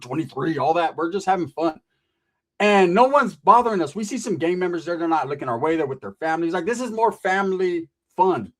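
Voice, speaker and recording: A man telling a rowdy story in casual, profane, slang-heavy talk on a podcast. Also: a little high. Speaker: podcast host.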